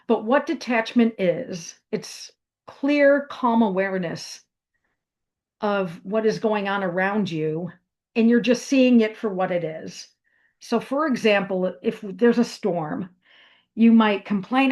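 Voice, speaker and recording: Woman giving a meditation talk, slow and thoughtful, lots of ums and restarts. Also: medium pitch. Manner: slow, reflective, with fillers and restarts. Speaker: meditation teacher. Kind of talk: spoken wellness talk.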